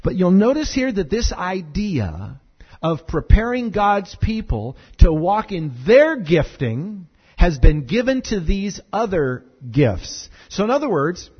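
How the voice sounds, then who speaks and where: Animated husky-voiced male pastor. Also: high voice, slow pace, dull audio. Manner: conversational, animated, many fillers and repeated words. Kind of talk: sermon.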